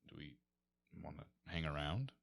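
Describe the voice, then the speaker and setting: A man playing a tabletop game in character, talking in a dry, deadpan way. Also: very deep voice, normal speed, vocal fry, a little hiss or hum. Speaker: player. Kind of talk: in-character tabletop role-play.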